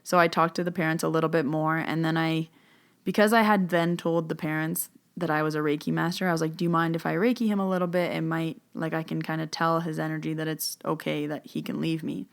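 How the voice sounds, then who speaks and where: A woman with a slightly low voice tells a personal story in casual, chatty podcast talk. She leans on fillers as she goes. Her voice gets livelier when she quotes other people. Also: flat delivery, a little fast, gravelly. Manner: frequent fillers like "like" and "you know". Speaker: podcast host.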